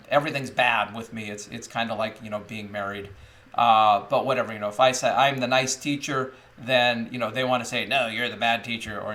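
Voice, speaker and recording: A man's voice: mid-range voice, a bit bright. A man in his thirties, an English teacher talking casually about classroom methods, rambling and joking, with many fillers and restarts. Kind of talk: casual teaching talk to camera.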